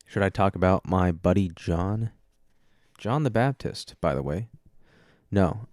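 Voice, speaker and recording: A man's voice: low-pitched, animated, a little slow, a little mellow, no room sound. A young man hosting a podcast on his own, rambling casually with jokey, self-deprecating asides into a close dynamic microphone. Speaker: podcast host. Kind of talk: solo casual chat.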